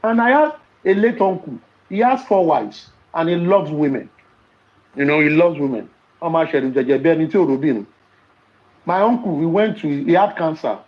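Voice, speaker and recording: A man's voice: fairly high pitch, lively intonation, a little fast, muffled recording. A man with a Nigerian accent in casual podcast talk, preaching and telling stories with rhetorical questions.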